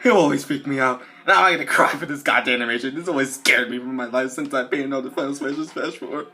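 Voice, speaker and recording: A fan-video creator giving excitable, jumpy commentary with casual swearing. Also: medium pitch, fast talker. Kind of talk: excitable skit narration with commentary.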